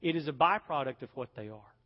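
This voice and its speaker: A man preaching a sermon as pastor, emphatic, swelling to loud peaks and dropping low again. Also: animated, fast. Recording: dull sound with long hall reverb.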